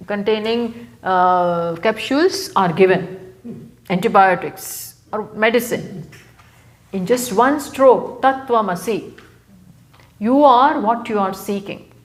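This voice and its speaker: This is a live scripture talk by a female spiritual teacher with an Indian English accent, recorded at a live venue. Her voice sits in the mid range, and her unhurried delivery keeps circling back to key phrases for emphasis.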